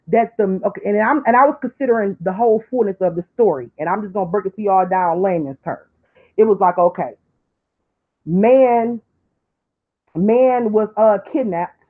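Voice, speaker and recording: Emotional preachy woman over a tinny line. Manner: preachy, swings from low asides to high tearful pleading. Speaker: online commentator. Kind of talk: emotional live-stream talk.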